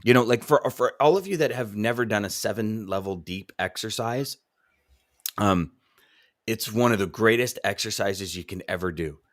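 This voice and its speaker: Male host and coach, low-pitched, animated and loose in casual live-stream talk. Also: moderate pace. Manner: animated, repeats words, reads viewer comments aloud. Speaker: podcast host and trucking coach.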